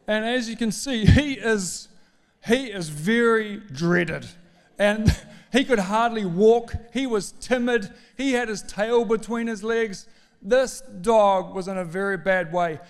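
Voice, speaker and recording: A middle-aged man preaching a sermon, telling a story in an animated, self-mocking way with emphatic strings of words. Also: high voice, takes it slowly, clear, resonant tone. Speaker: pastor. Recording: long hall reverb.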